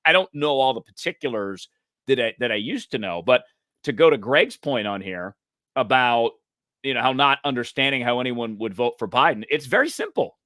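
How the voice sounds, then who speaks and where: Bright-voiced chatty American man. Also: medium pitch, normal speed, no room sound, clean studio sound. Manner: animated and chatty, laughs often. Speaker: news talk show co-host. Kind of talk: casual political chat.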